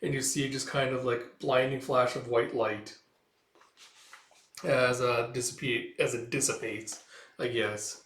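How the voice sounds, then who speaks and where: A man's voice: medium pitch, fairly even intonation, unhurried, a bit bright. Casual man recapping a comic in an echoey room. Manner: paraphrases dialogue loosely, hesitant with fillers. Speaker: comic book reader. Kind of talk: casual read-aloud of a comic.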